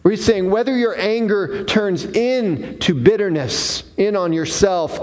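A man preaching a sermon, defining terms one by one with deliberate, emphatic pauses. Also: high voice, darkish tone. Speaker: pastor.

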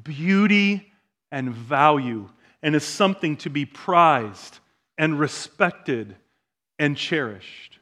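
A man pastor preaching a sermon in a church, moving between quiet, slow asides and loud, emphatic declarations. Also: on the high side, animated. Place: church sanctuary.

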